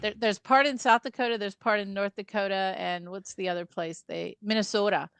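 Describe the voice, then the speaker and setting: A woman co-hosting a casual film podcast chat, playful and quick to toss in movie quotes. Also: medium pitch, fairly even intonation, creaky, a bit bright, smooth, no echo.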